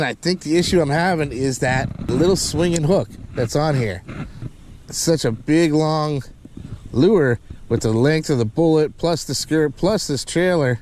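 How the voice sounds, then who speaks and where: Excitable man, fishing vlog host, high pitched, swinging pitch, outdoors, noisy background. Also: normal speed. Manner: excitable, whoops loudly at catches. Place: outdoors on the water.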